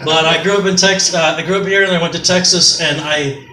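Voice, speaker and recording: A man's voice: a little high, fairly even intonation, fairly quick, bright, forceful tone. Self-mocking middle-aged man doing stand-up. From Canada. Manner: rambling, self-mocking, profane. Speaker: stand-up comedian. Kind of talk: stand-up comedy set. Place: comedy club stage. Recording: echoey club, mic far off, faint noise.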